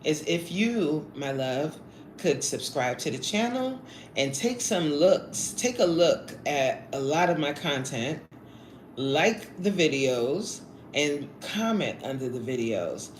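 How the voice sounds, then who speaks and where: A woman's voice: low-pitched, very animated, takes it slowly. A woman in her forties chatting playfully on a live stream, reading out chat names and eating while she talks. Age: 40s. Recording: roomy echo, faint noise.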